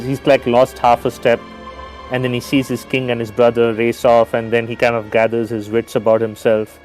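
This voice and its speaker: A man narrates his character in a tabletop game, in a casual way full of fillers. His voice sits at an ordinary pitch, and soft music plays behind him. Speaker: player. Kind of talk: tabletop role-play narration.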